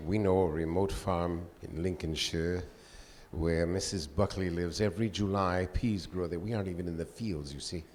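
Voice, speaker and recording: A haughty older narrator, as a man puts him on, delivers each word slowly and indignantly in a deep, booming tone. The sound rings with the long echo of a large hall, and a faint hiss sits behind it. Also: steady tone, a little mellow, natural voice. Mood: grand. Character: pompous older male narrator arguing over ad copy.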